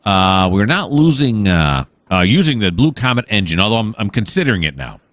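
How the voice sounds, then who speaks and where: Low, lively rambling game commentator man. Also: a little fast, no echo. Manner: rambling, easily distracted, musing aloud with many fillers. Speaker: gaming channel host. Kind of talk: casual let's-play commentary.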